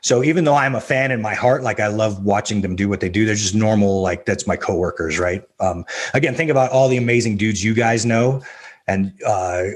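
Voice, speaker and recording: A middle-aged man, a coach, telling stories on a podcast in a casual, animated, self-deprecating way. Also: on the low side, brisk. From US Southwest. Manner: animated, self-deprecating, laughs often, acts out quoted voices. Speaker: MMA coach, podcast guest. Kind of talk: casual storytelling interview.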